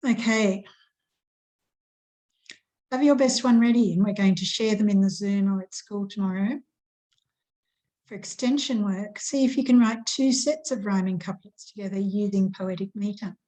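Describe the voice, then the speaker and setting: A woman teaching an online grammar lesson to schoolchildren, patient and measured, stressing syllables slowly as she recites. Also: mid-range voice, mellow, poor audio.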